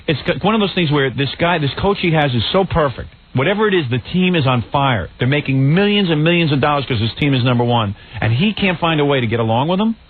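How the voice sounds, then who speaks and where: A man hosting a radio show, chatting in a teasing, opinionated and animated way. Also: on the high side, fast, few pauses. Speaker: radio host. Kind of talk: casual radio banter. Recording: tinny radio broadcast with crowd.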